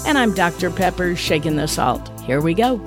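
A middle-aged woman hosting a faith-based podcast, talking in an expressive, folksy storytelling manner. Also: on the low side, normal speed, music in the background. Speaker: podcast host and speaker.

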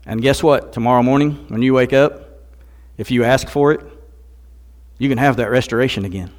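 A man's voice: mid-range voice, moderate pace, darkish tone. Older man preaching earnestly. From Missouri, USA. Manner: earnest preaching, rising to emphatic outbursts. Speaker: guest speaker. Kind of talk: sermon with personal testimony.

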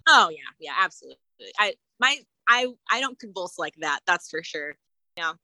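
A woman tells her story casually, laughing often and piling on fillers. Her voice is bright and forceful, pitched a bit low. The sound is dry and close. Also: animated, moderate pace, no echo, rough recording. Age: late 20s. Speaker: guest sharing her story.

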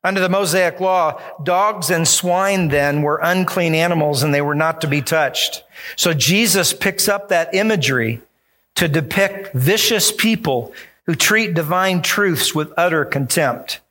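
A man's voice: a little high, a little slow, bright, forceful tone. A male pastor preaching a sermon, emphatic and acting out the voices he quotes.

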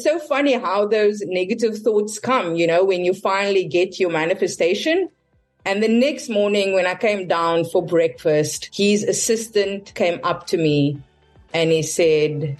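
A woman at an everyday middle pitch telling her own story in relaxed podcast chat. She gets animated and jumps up high when she acts out what she and others said. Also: normal speed, soft background music. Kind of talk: casual storytelling.

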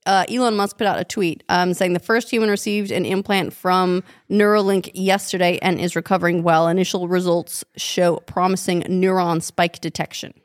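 Relaxed, hesitant podcast co-host woman. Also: on the low side, moderate pace, few pauses, dry recording, clean studio sound. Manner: relaxed, hesitant, many ums and uhs, giggles. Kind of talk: casual chat.

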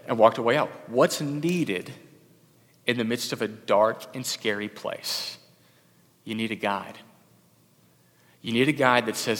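A man's voice: mid-range voice, moderate pace, fairly bright tone. A young adult man preaching a sermon as a pastor, conversational, with many fillers and restarts. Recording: long hall reverb.

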